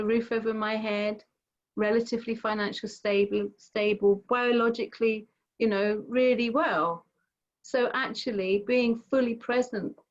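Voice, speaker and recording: A middle-aged woman gently guiding a mindfulness session over a video call, explaining with everyday examples. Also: mid-range voice. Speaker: mindfulness teacher. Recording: slightly dull video call audio.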